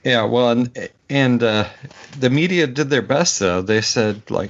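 A man co-hosting a casual political podcast, talking in slow, measured turns. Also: mid-range voice. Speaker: podcast co-host. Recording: dull lo-fi podcast audio.

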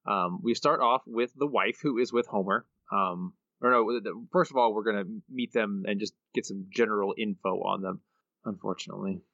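Guy co-host, wry deadpan replies, a bit dull sounding. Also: on the low side, moderate pace, creaky, no echo. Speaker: podcast co-host. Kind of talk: casual chat.

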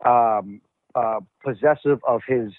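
A man telling locker-room stories in a casual interview, animated and acting out what others said. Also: medium pitch, takes it slowly, no echo. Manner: animated storyteller, acts out quotes. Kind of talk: casual wrestling interview talk. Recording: dull, lo-fi dry audio.

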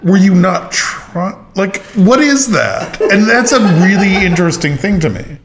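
A man co-hosting a podcast, musing aloud in casual conversation over drinks, with many halting restarts. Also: high voice, sing-song, noisy background. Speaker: podcast co-host.

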